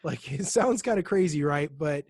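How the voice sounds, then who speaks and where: A man's voice: on the high side, expressive, moderate pace, a little mellow, slightly rough, no echo, studio quality. A young man co-hosting a casual chat podcast, telling rambling stories with many restarts. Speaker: podcast co-host.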